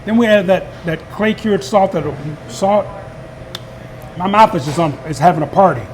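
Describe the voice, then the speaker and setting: A food-show host, folksy and enthusiastic as he tastes. His voice is fairly high. Faint ambience hums behind him. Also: normal speed, a little hiss or hum. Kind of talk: casual food show chat.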